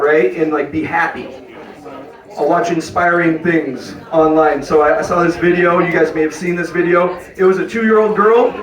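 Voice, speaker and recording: A man's voice: a little high, a bit bright. A man doing a stand-up comedy set, talking in a rambling, conversational way full of fillers. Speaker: stand-up comic. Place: comedy club stage. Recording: echoey club from a distant mic with crowd.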